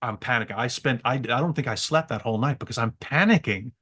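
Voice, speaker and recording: A man on a podcast, telling a story with excitable energy and frequent stammering repeats. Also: medium pitch, fast, breathy edge. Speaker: guest. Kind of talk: animated storytelling.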